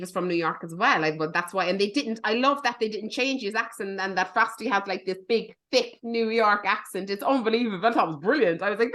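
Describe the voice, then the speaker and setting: A woman's voice: medium pitch, fairly bright tone. A woman co-hosting a podcast, chatting casually and animatedly about films and swearing for emphasis. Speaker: podcast co-host. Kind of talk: casual movie review chat.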